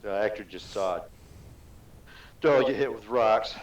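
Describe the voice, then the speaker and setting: A man with a low voice joins the chat at a tabletop game. He talks casually and jokes easily with the others at the table. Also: unhurried.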